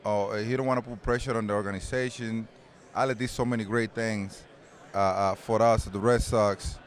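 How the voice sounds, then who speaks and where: A man's voice: on the low side, fairly even intonation, normal speed. A man in his forties with a Spanish accent, talking loosely as an interview guest, rambling with many restarts and easy laughs. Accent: Spanish-accented English. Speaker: interview guest, retired baseball player. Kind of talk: casual interview.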